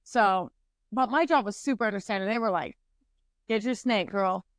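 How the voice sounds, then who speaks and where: A woman in her twenties co-hosting a podcast, telling a story in casual, animated chat and swearing freely. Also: medium pitch, moderate pace, no echo. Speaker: podcast co-host.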